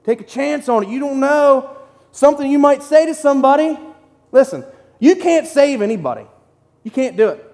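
A man giving an excited, conversational sermon in short punchy phrases as a lay preacher in a church. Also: very high voice, normal speed. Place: church sanctuary. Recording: long hall reverb.

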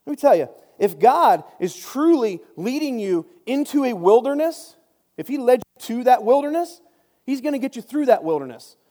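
A man's voice: extremely high pitch, sing-song, moderate pace, mellow. A man giving a casual Bible study talk, chatty and joking, often breaking off into asides. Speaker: Bible teacher. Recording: long reverb.

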